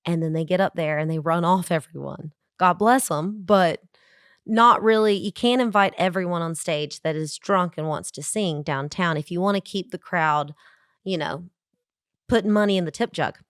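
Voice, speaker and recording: A woman from Georgia, a country singer telling stories as a guest in a casual podcast interview, chatty and animated, with lots of fillers. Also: on the low side, moderate pace, smooth, no echo, studio quality. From Georgia, USA. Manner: chatty, animated anecdotes with acted quotes and fillers. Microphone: remote call from Nashville.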